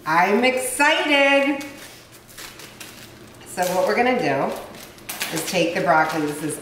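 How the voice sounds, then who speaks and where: A woman hosting a casual cooking vlog in a home kitchen, bubbly and excitable as she talks to her viewers. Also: sits low, fairly quick. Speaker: cooking show host. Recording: echoey kitchen from far off, noisy.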